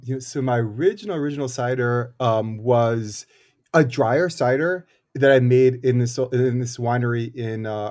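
A man's voice: medium pitch, a little mellow. A cider maker speaks in an ordinary middle voice, casual and thoughtful. He stops and restarts often, filling gaps with ums as he explains. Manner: thoughtful, halting, many fillers and restarts. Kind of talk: casual interview talk.

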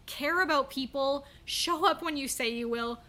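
Young female coach, high bright voice, chatty storyteller, wry, laughs a lot. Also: normal speed. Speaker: content coach. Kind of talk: storytelling to camera.

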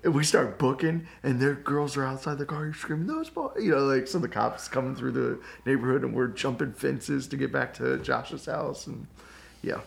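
A man co-hosting a church podcast, chatting casually and telling animated stories. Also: mid-range voice, normal speed, gravelly, a little hiss or hum. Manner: animated storyteller. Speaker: podcast co-host. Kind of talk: casual chat.

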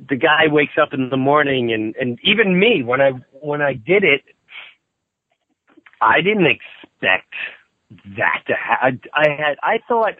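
A man hosting a podcast, chatting casually and telling a story animatedly, jumping up high when he acts out quotes. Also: dry recording. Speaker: podcast host. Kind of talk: casual interview chat. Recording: thin phone-like sound, dry.

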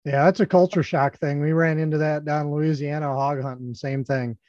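A man co-hosting a casual chat, relaxed and sharing his own story. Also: a little high, fairly quick, dry recording, highs cut off. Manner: relaxed, laughs at stories.

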